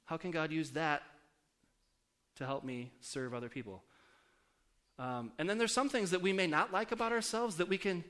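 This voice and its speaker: A man's voice: a little high, moderate pace, bright, forceful tone, smooth. A pastor preaching a casual, story-driven sermon to his congregation, often asking the audience questions. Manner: conversational, asks the audience questions.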